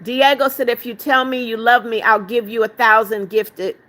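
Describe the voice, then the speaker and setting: A woman's voice: fairly high pitch, steady tone, moderate pace, a bit bright. An older woman hosting a livestream, reading viewers' chat comments aloud and fondly calling them darling. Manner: affectionate, calls viewers darling. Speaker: livestream host.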